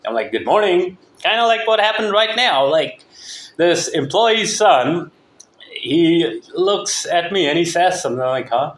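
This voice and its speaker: A man's voice: fairly high pitch, animated, measured pace, a bit bright, reverberant. A man who did not grow up speaking English, with a partly Southern American accent, talking in a profane, rambling, opinionated monologue. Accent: mixed, partly American Southern.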